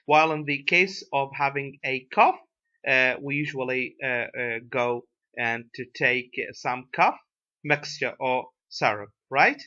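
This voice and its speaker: A male English lecturer with an Iraqi Arabic accent, explaining a lesson slowly and filling pauses with "uh" and "right?". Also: mid-range voice, pushed and bright. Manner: hesitant, many fillers, tag questions like "right?". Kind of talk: recorded lecture. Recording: dull lo-fi lecture recording.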